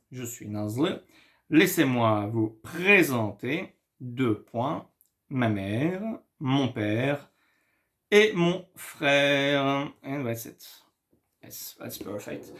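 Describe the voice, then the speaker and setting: Slow, patient man with a French accent. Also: mid-range voice. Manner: slow, patient, thinking aloud while writing. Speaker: French teacher. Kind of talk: online language lesson.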